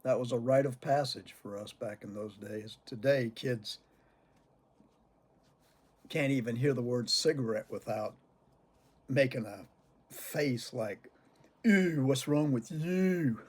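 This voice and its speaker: A cigar vlogger, an older man, chats to camera, telling stories from his childhood while chuckling often. His mid-range voice has a breathy edge, moves a little slowly, and pauses often.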